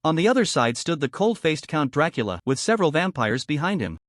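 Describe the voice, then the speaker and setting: A man's voice: on the high side, very animated, a little fast, no echo, clean studio sound. A man narrating a fantasy story recap in a scripted storytelling delivery.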